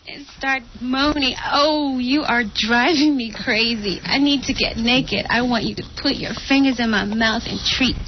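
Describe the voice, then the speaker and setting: A flirty seductress, read aloud by a woman in a flat, read-off-the-page way. Her voice sits a bit high. The sound is dull, with faint noise behind it. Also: a little slow, few pauses, lightly acted. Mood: reading seduction. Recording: dull radio studio sound.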